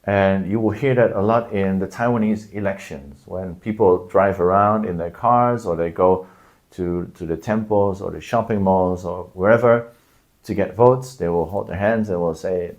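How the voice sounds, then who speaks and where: Middle-aged male tutor, patient casual explainer, slightly low voice. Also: moderate pace, highs cut off. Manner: explains patiently, acts out shouted examples. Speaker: language teacher. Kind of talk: casual video lesson.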